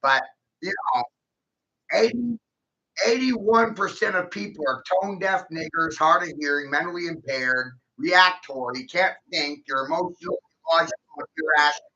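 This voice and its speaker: A man vents in a swearing, erratic rant to his camera. His voice sits fairly high and sounds bright and tense. The recording is dull and lo-fi. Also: moderate pace. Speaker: vlogger.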